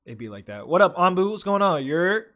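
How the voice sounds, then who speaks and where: A man's voice: high voice, sing-song, fairly quick, sharp tone. A young man hosting a livestream, reading viewer comments aloud and chatting in loose, profane slang full of fillers. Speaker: livestream host.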